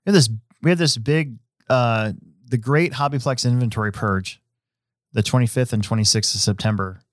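A man hosting a casual podcast, talking in a rambling, relaxed way with many fillers and restarts. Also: medium pitch, moderate pace, dry recording, clean studio sound. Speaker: host; hobby shop owner.

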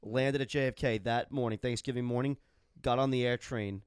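A man's voice: mid-range voice, steady tone, normal speed, smooth, no room sound, clean studio sound. A man in casual chat, blunt and wisecracking.

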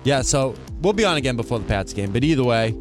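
Animated man telling a story. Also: medium pitch, fast talker, faint music behind. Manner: animated storytelling, laughs and voices others. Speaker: podcast co-host. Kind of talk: casual chat.

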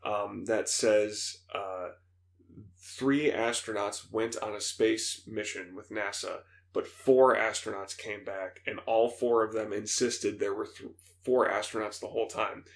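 Young male podcast co-host, gravelly voice, casual excited game talk. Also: fairly low pitch, a little slow. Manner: excited, fillers, laughs, imitates voices. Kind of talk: casual chat.

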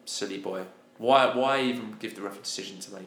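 A man's voice: fairly low pitch, fast. Roomy-sounding man reviewing a football match. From England. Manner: animated, exasperated opinions. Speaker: podcast co-host. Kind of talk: casual match review chat. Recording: roomy echo.

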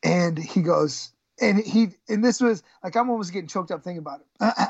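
A woman wrestling coach talks in a gravelly voice, often stumbling and repeating herself as she tells her story. The recording is close and dry with a slightly dull, lo-fi tone. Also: lowish voice, a little mellow, dry recording. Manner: halting, repeats words, emotional retelling. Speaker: high school wrestling coach. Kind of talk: storytelling in a podcast interview.

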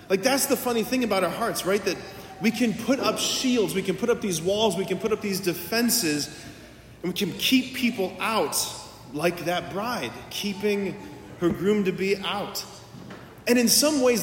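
A man's voice: high-pitched, slight background noise. A man, a priest, delivering a homily in a conversational storytelling manner, acting out quoted dialogue. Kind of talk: sermon. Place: church. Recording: echoey church from a distance.

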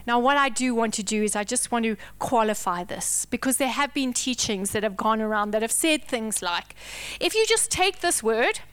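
A woman preaching with a high, smooth voice. She delivers her sermon dramatically, swinging between hushed, intense whispers and loud, emphatic declarations. The sound is close and dry. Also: lively intonation, normal speed, dry recording.

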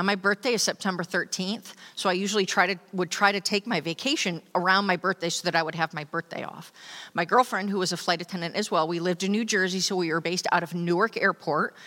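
A woman from New York giving a personal testimony to an audience, telling her story with lively storytelling. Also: on the low side, big-room sound. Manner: animated storytelling, acting out quoted voices. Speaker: speaker sharing a testimony.

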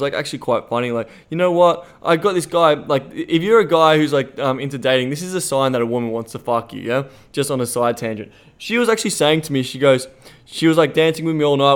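A young Australian man hosting a podcast, telling a story in a casual, rambling way full of swearing and "like" fillers. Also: on the high side. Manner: rambling, profane, many "like" fillers. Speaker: podcast host.

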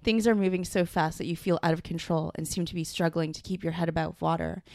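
A woman's voice: fairly low pitch, fairly even intonation, fast talker, creaky, a little mellow, dry recording. Woman co-host, loose tarot reader, laughs through her lines, dry mic. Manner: rambling, giggly, reads aloud from a tarot book. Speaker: podcast co-host reading tarot. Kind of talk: casual chat.

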